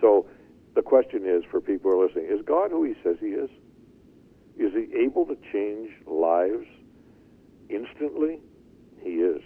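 An older man telling his life story as an interview guest, animated and chuckling as he goes. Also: on the low side, normal speed, pauses often, husky. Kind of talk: storytelling testimony. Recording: tinny phone-like line.

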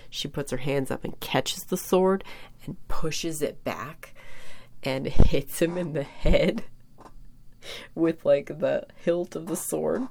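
A woman with a low voice and a gravelly, fry-laden edge talks through a TV episode recap. She rambles eagerly, leaning on fillers as she goes, in a casual, unscripted way. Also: darkish tone, slight background noise. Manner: rambling, filler-heavy, enthusiastic. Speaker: podcast host recapping an episode.

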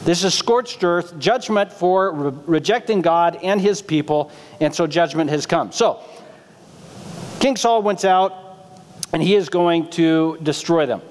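Male pastor, sermon delivery, high pitched and chatty with jokes, reverberant sanctuary. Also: unhurried. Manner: humorous, conversational, asks the congregation questions. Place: church sanctuary.

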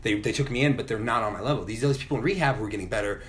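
A man's voice: fairly low pitch, racing, slight background noise. A middle-aged man telling a personal story in a casual podcast chat, candid and full of swearing. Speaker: podcast guest.

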